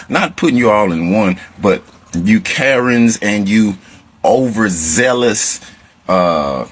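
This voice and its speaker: A man's voice: lowish voice, husky. A man giving a casual reaction rant online, indignant and dismissive. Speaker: social media commentator.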